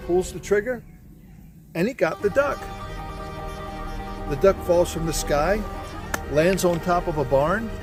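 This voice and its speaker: A man in his sixties telling a joke in casual chat as a camping vlogger, outdoors at a campsite by a fire, filmed on a handheld camera. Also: a little high. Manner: folksy storyteller.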